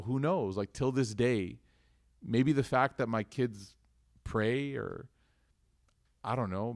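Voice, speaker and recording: A man's voice: mid-range voice, no room sound, clean studio sound. A man teaching a religious class, telling a story casually and animatedly before closing in prayer. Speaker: Islamic teacher.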